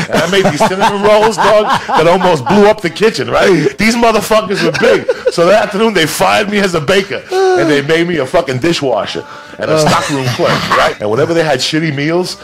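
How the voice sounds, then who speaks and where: A middle-aged man, a stand-up comedian, telling loud, profane, rapid-fire stories in a rant. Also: fairly high pitch, expressive, vocal fry, slightly rough.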